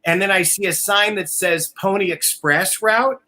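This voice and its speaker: Speaking at normal speed in a high voice with a sharp tone, a man whose family hails from Oklahoma shares wild road stories on a casual live video call, laughing often, swearing freely, and voicing other characters.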